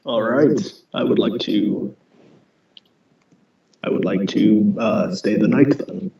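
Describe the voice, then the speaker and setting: A man's voice: on the low side, slow, gravelly, warm tone, recorded from a distance, muffled recording, a little hiss or hum. A man playing a tabletop game, speaking hesitantly and stammering as he plays his character. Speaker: player. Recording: roomy, from off mic.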